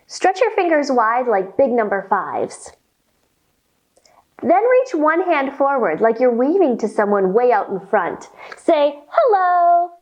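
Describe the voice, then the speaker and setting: A woman's voice: fairly high pitch, sing-song, measured pace, darkish tone, muffled recording. A woman teaching yoga to children, giving playful sing-song instructions during a storytime. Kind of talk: guiding a kids' yoga storytime.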